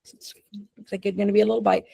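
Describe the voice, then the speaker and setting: A woman presenting a webinar on dog behavior talks in a loose, chatty manner with plenty of fillers and easy laughs. Her voice has a gravelly, creaky texture at a middle pitch. The sound is dry with no room echo. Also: level tone, fairly quick, dark tone. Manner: chatty, informal, laughs often, many fillers.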